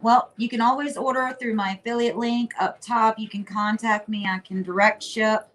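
A woman's voice: fairly high pitch, fairly even intonation, moderate pace, fairly bright tone. A middle-aged woman hosting a furniture painting livestream, reading viewer comments out in a chatty, friendly way.

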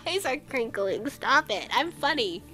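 Chatty, giggly wife; lively, bright-pitched delivery. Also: female voice, a little slow. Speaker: gamer's wife watching along. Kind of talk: casual chat over gameplay. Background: game music and sounds.

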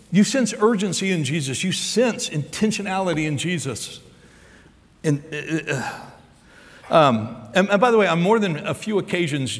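An American man preaching a sermon as pastor, acting out the story's dialogue with lively energy. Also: a little high, long reverb tail. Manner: animated preacher, acts out dialogue.

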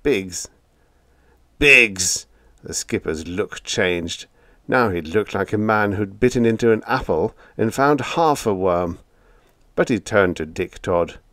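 A man's voice: on the low side, animated, a little slow, no echo, studio quality. A man narrating a humorous science fiction audiobook in a wry storytelling manner.

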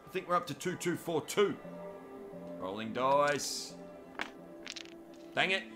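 A man's voice: a little high, expressive, takes it slowly, music in the background. An Australian man giving cheeky live commentary on a video game while joking with viewers by name. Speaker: gaming commentator.

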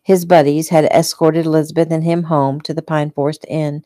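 A woman's voice: low voice, flat delivery, normal speed, warm tone, no room sound, clean studio sound. A woman casually reading her own novel aloud at home, with small slips along the way. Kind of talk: casual read-aloud narration.

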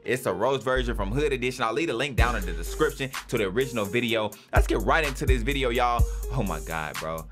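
A man hosting a reaction video, talking in an energetic, slangy way to his viewers. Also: mid-range voice, fast talker, few pauses, music in the background. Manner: energetic, shouts greetings, slangy. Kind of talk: hyped YouTube intro.

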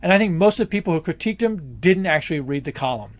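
A man's voice: fairly high pitch, expressive, fast. A man being interviewed, telling stories in a rambling, emphatic way and swearing freely. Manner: emphatic, profane, rambling storyteller. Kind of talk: candid conversational interview.

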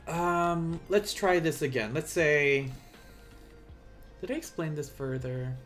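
A man teaching a live online language lesson, explaining patiently and repeating phrases slowly for learners. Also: on the high side, fairly bright tone, soft background music.

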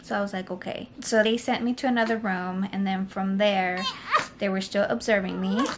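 Soft-spoken young woman, rambling storyteller. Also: medium pitch, level tone, moderate pace, very noisy. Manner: rambling, full of "like" and "you know". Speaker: vlogger. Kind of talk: casual storytelling to camera.

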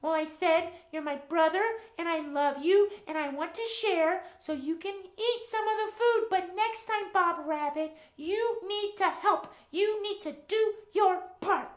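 A man voicing a sweet, chatty young girl rabbit in a children's puppet show, telling her story slowly and earnestly. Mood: annoyed. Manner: high squeaky puppet voice, slow storytelling. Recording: roomy room echo.

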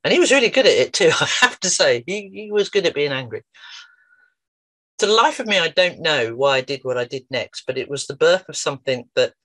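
A woman therapist telling a story in a lively, animated way, her voice jumping up when she retells a scene. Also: low-pitched, a little fast. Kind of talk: storytelling talk to camera.

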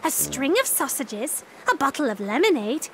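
A woman voicing a curious, helpful young female bird in a children's cartoon, eager and gently encouraging. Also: sits high, sing-song, normal speed, soft background music, low-quality recording.

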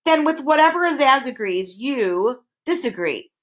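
Storybook role: a woman voicing a clever, curious young boy, earnest and high. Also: expressive, unhurried, a bit bright. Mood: reasoning. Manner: earnest, questioning.

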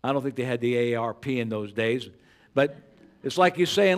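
An older pastor in his sixties delivering a sermon in church, earnest and conversational, dropping soft and low then rising loud for emphasis. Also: lively intonation, brisk. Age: 60s. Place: church sanctuary.

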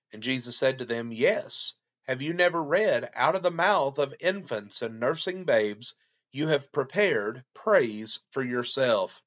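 A man's voice: mid-range voice, fairly bright tone. A man delivers a short sermon, steadily reading Bible passages and explaining them. His voice sits in an ordinary middle range. The recording sounds a little dull and muffled. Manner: measured, explanatory reading of scripture. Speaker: preacher. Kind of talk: short scripted Bible devotional.

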